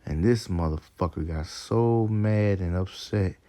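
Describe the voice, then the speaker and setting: A man's voice: low-pitched, unhurried, dark tone, no room sound. A man giving a profane, emphatic, casual preaching monologue on scripture and street life, quoting verses between stories. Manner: profane, emphatic, laughs at his own stories.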